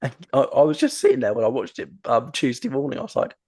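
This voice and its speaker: A man's voice: medium pitch, huge pitch swings, fast talker, creaky, hardly any pauses, darkish tone, husky. A man hosting a wrestling podcast, chatting casually and enthusiastically, with lots of ums and restarts. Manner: rambling, enthusiastic, frequent ums. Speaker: podcast host.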